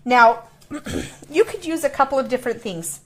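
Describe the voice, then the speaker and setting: A woman's voice: high voice, animated, moderate pace. A middle-aged woman demonstrating a craft in a chatty, playful way, explaining each step. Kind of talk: casual craft tutorial.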